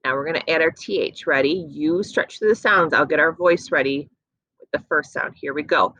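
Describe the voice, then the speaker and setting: A woman teacher giving an encouraging phonics lesson to young children, slowly stretching out sounds. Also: low voice, bright, forceful tone, no room sound.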